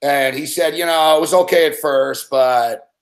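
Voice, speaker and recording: A man's voice: fairly high pitch, fairly even intonation, normal speed. Foul-mouthed, rambling man in a roomy echo. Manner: rambling, swears constantly. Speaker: sports betting show regular. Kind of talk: casual storytelling chat.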